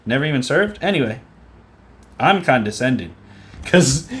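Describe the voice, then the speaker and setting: A man's voice: a little high, sing-song, moderate pace, a bit bright. A man in a casual vlog rant, sarcastic, repeating a mocking "hello" to make his points. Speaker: vlogger.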